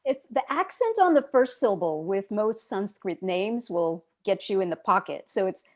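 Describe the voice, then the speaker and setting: A woman speaking as a guest in a relaxed interview. She sounds gracious and appreciative, and her voice sits at an ordinary pitch. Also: moderate pace. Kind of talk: casual interview chat.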